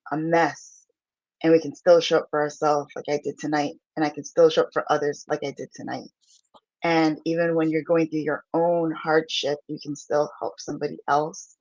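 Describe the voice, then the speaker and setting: A middle-aged woman co-host speaks earnestly in a lowish voice, sharing a hard personal story to encourage listeners. The audio sounds dry and slightly dull, like a remote call feed. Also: a little mellow, dry recording. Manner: earnest, laughing through tears as she tells her story. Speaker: podcast co-host. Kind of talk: heartfelt personal closing remarks.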